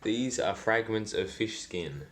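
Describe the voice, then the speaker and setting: A man's voice: on the low side, expressive, takes it slowly, a bit bright, soft background music. A man doing a casual food review vlog, dry and self-deprecating, rambling with lots of fillers. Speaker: food vlogger.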